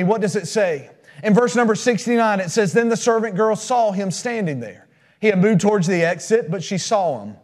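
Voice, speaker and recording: A male pastor delivers a sermon in a notably high voice. He tells stories emphatically and keeps putting questions to his listeners. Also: a little mellow. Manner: storytelling, emphatic, asks the congregation questions.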